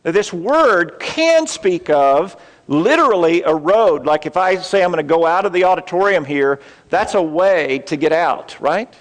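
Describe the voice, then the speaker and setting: A man's voice: sits high, animated. Man preaching in a hall. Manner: storytelling with pauses and asides to the audience. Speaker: pastor. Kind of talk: sermon. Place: campus church auditorium.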